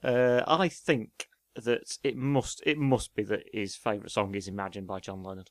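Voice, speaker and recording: A man's voice: on the low side, steady tone, normal speed, dry recording, studio quality. A man co-hosting a casual chat, answering quiz questions while thinking aloud with hesitations. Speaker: podcast co-host.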